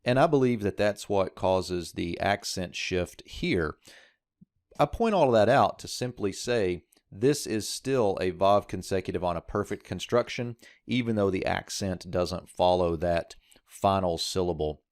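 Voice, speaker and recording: A man's voice: low voice, expressive, measured pace, no room sound, clean studio sound. A man teaching a short language lesson, explaining a verse step by step as he points out details on screen. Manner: explanatory, walking through text on screen. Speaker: Hebrew teacher.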